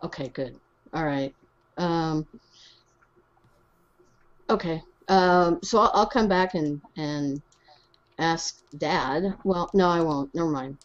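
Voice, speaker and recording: Woman player, lowish voice, hesitant restarts, muffled lo-fi sound. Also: slow pace, long pauses. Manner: hesitant, restarts often, giggly. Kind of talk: casual tabletop play.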